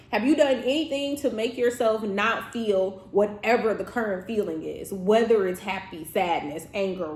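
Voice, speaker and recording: Woman, tarot reader and therapist, casual reading to camera; emphatic, repetitive, reassuring, quick to laugh; mid pitch, echoey room.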